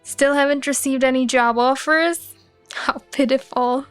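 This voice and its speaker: Snide young guy, woman reading him, mocking and scornful, high voice, slow drawl. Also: steady tone, a bit bright, smooth, no room sound, faint music behind. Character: sneering young man, mocking rival job seeker.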